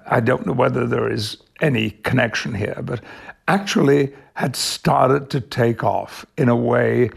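Older man, gravelly, husky, measured storyteller. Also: medium pitch. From Yorkshire, England. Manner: measured storytelling with frequent chuckles. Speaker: actor, interview guest. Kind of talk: conversational anecdote.

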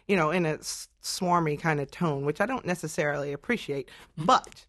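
A woman's voice: low voice, fairly quick, few pauses, fairly bright tone, dry recording. A woman panelist on a studio radio talk show, speaking in an earnest, straightforward way. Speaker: regular panelist. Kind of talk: conversational panel discussion.

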